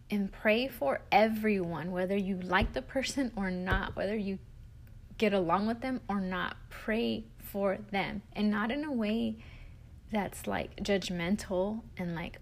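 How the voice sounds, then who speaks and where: A mom coach hosting a podcast for mothers speaks earnestly and with deep faith as she encourages her listeners. Her voice is medium-pitched and gravelly, and her talk is heartfelt.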